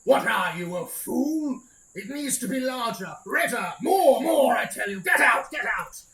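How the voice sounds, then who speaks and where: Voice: high voice, expressive, a little slow, reverberant, far from the mic, pitched above the performer's own voice, exaggerated voice, poor audio. A game master voicing a furious male baron who bellows at a servant in a tabletop game. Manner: shouting, bellowing.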